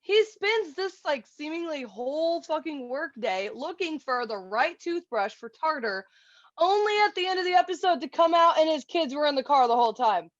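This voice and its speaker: A woman with a high voice co-hosts a podcast, telling stories in loose, profane casual chat. The sound is dry and close, with a slightly dull, lo-fi tone. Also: expressive, moderate pace, no echo. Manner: profane, laughing recaps. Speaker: podcast co-host.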